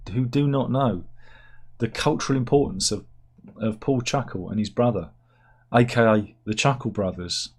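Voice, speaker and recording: A man's voice: fairly low pitch, normal speed, slightly rough. A man hosting a casual satirical news chat, rambling and interrupting himself with asides. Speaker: host reading news stories.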